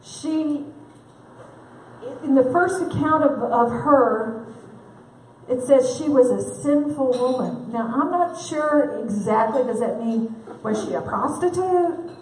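High-voiced woman speaking in an echoey hall. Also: lively intonation, slow, a little mellow, slight background noise. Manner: candid, self-deprecating, laughs often. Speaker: conference speaker. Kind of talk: humorous faith talk. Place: large event hall. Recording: echoey hall, distant mic.

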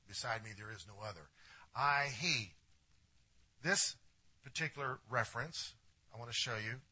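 Husky-voiced male pastor preaching. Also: mid-range voice. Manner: preaching with wide swings from hushed to emphatic; addresses the congregation directly with questions. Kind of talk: sermon.

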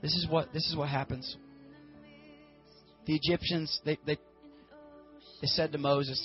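A male preacher giving a casual, animated sermon and addressing the congregation directly. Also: on the high side, unhurried, long pauses, slightly rough, lo-fi sound, faint music behind.

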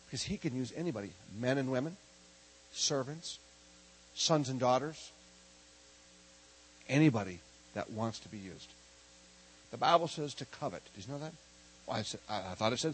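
A middle-aged man from Minnesota preaching a lively, humorous sermon and calling on the congregation to answer back. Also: medium pitch, moderate pace, pauses often, husky, rough recording. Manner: animated, joking, calls for congregation response. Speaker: preacher teaching a prophetic ministry school.

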